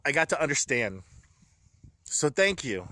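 A man vlogging from home, talking in an earnest, rambling, grateful way, excited and a little shaky. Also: medium pitch, a little slow, no echo. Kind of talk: emotional personal vlog.

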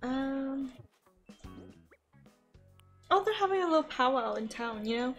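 A woman's voice: high voice, expressive, a little slow, a bit bright, soft background music. Chatty young American woman streaming. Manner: chatty, thinks aloud, gasps and laughs often. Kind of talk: casual live-stream chat while gaming. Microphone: desk microphone.

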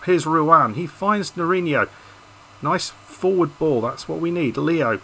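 A man's voice: fairly high pitch, animated, a little slow, vocal fry, fairly bright tone, slight background noise, poor audio. A man commentating casually over a football management video game, frustrated and hesitant, often restarting his sentences. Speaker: YouTube gaming host.

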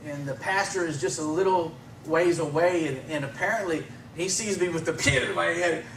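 A man tells his story of faith to a congregation, relaxed and conversational, breaking into small chuckles. His voice sits a little high. The recording is distant and roomy, with clear background noise underneath. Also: normal speed. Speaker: guest giving testimony. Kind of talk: personal testimony at church.

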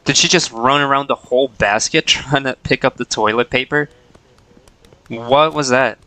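Man, game streamer, bright crisp voice, playful running commentary. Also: mid-range voice, normal speed, low-quality recording. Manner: playful, jokey, talks to the characters. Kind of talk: casual gameplay commentary.

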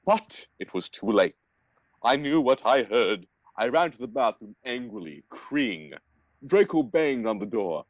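A young man reading a bad fan story aloud for laughs, sarcastic and animated, over a voice call. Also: medium pitch, unhurried, no echo, rough recording. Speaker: reader in a group reading. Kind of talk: mock-dramatic comedic reading aloud.

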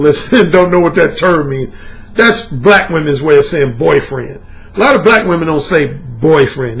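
A man and dating coach telling a story in a monologue, profane and animated, laughing as he talks. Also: fairly high pitch, gravelly.

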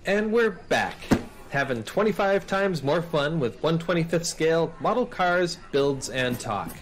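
Theatrical man with a lively, higher voice. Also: a little slow, background noise. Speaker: host. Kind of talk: scripted comedy sketch.

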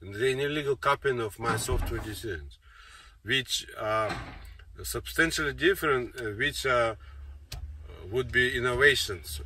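A man talking in an insistent, rambling monologue, repeating himself and circling back to the same points. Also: mid-range voice. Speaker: speaker giving a monologue. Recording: distant mic with faint noise.

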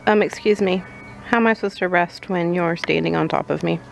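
A woman's voice: on the low side, a little fast, gravelly, soft background music, low-quality recording. A mother vlogging casually, coaxing her baby in a playful sing-song voice. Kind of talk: casual vlog chat and baby talk.

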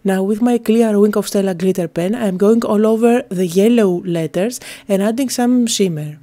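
Calm woman narrating a craft tutorial. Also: mid-range voice, moderate pace. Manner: calm, explains each step, frequent "uh" fillers. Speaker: card-making tutorial host.

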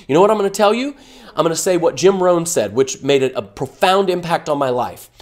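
A man's voice: on the high side, lively intonation, brisk. A man giving a fired-up, emphatic motivational talk to camera as an online business coach, full of rhetorical questions.

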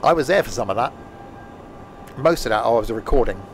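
Man, game streamer, middle pitch, rambling jokey chatter, desk mic, faint noise behind. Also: expressive, brisk. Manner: rambling, jokey, talks to himself and chat. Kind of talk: casual live-stream chatter while playing.

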